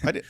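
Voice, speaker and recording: A man hosting a casual livestream, talking in a mocking, animated way and often mimicking his critics in shrill voices. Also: no room sound, studio quality. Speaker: livestream host.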